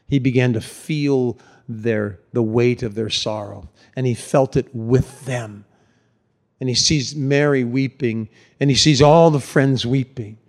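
A man's voice: medium pitch, darkish tone. An older man, a pastor, preaching a sermon in a conversational, tender way that sinks to near-whispers at emotional moments.

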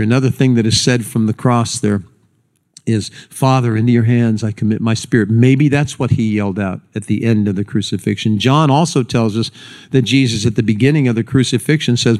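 A man preaching a sermon, telling the story with feeling and acting out the people he quotes. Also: medium pitch. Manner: animated, acts out quoted speakers in raised voice. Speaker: pastor.

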